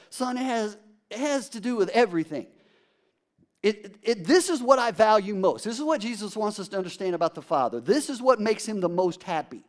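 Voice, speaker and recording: A male pastor delivers an emphatic, conversational sermon. His voice is fairly high and very animated, swooping through a wide range as he presses his points home. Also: fairly quick.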